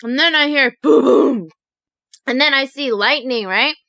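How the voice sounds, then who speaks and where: A young woman vlogger telling a story to her viewers in a chatty, animated way, full of fillers. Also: high voice, normal speed, dry recording, clean studio sound. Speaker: mukbang vlogger.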